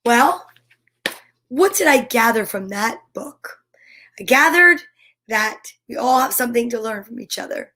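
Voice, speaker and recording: A woman reads a children's picture book aloud, slow and unhurried. Her voice sits high, and she plays the story out with animal noises. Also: lively intonation, sharp tone.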